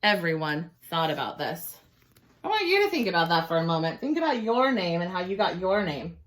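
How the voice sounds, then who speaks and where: A woman teacher reading a picture book aloud to children, expressive and pausing to ask questions. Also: fairly low pitch. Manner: expressive, explains and asks questions.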